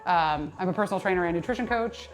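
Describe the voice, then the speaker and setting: A young woman chats on a livestream from the gym, rambling along with plenty of fillers and restarts. She sounds a little worn out between sets, and soft music plays faintly behind her. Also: on the low side, fast talker. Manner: chatty, rambling, lots of fillers and self-corrections. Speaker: personal trainer and nutrition coach. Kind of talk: casual livestream chat while working out.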